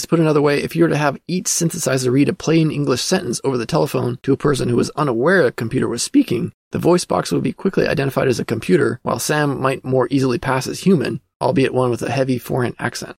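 A man's voice: medium pitch, creaky, a little mellow, slightly rough, no room sound. A man hosting a casual podcast, reading through an old magazine and commenting as he thinks aloud, with plenty of fillers. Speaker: podcast host.

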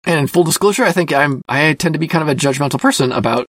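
A man hosting a casual talk show, thinking aloud with many fillers and careful hedges, a self-described quiet person. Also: on the high side, fast talker, no echo. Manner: thoughtful, hedging, self-reflective with many fillers. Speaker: podcast host reviewing a magazine. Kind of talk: casual spoken commentary.

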